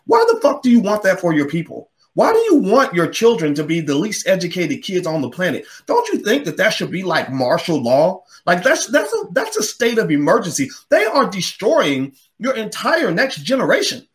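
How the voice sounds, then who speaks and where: Brief: male podcast host, sarcastic, heated, animated talker, pitched a bit high. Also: moderate pace, few pauses. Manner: heated, sarcastic, mocks others in put-on voices; animated, swings pitch widely. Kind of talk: opinion monologue.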